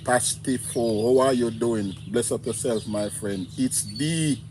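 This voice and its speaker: A man's voice: mid-range voice, a little slow, background noise. A man with a Jamaican accent hosting a casual livestream, greeting viewers by name and laughing easily. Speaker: livestream host. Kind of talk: casual live chat reading viewer comments.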